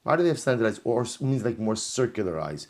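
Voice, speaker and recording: A man teaching a Talmud class as a rabbi. He reads the Aramaic text aloud, then explains it in English, telling the story with lively energy and often repeating phrases for emphasis. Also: medium pitch, fairly quick.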